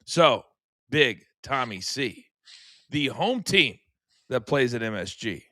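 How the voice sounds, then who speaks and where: A man's voice: medium pitch, big pitch swings, slow pace, bright, forceful tone, no room sound. A man hosting a sports talk show, playful and teasing as he hands the floor to his co-hosts.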